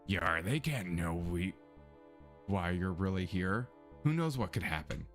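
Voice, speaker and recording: A man voicing a gruff, secretive older man who growls his lines low with a "yar" drawl. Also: expressive, a little slow, fairly bright tone, soft background music.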